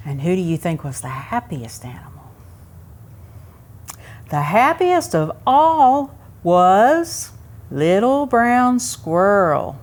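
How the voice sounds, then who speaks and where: A woman reading a picture book aloud to young children at a museum story time, pausing to ask them questions. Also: medium pitch. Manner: asks young listeners questions, expressive.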